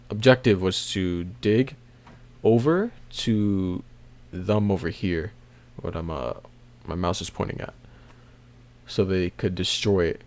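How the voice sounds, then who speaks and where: Slow, low-voiced man rambling a manga recap. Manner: rambling, with many fillers and soft laughs. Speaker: manga recap video host. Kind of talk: casual chapter recap commentary.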